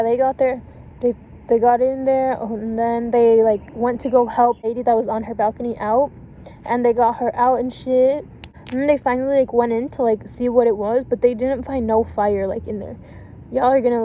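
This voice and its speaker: A young woman vlogger tells a storytime casually in a slightly high, warm voice, swearing a lot and filling her speech with "like" and "and shit." The audio quality is poor, with faint background noise.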